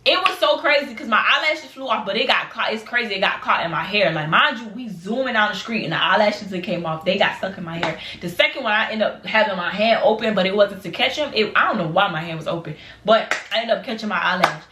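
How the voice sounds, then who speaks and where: A woman vlogger telling a lively storytime to her viewers, acting out the voices of people in it and talking casually to the audience. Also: medium pitch, quick pace, hardly any pauses. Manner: animated, acts out voices in quotes; colloquial, addresses viewers as y'all. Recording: echoey room with background noise.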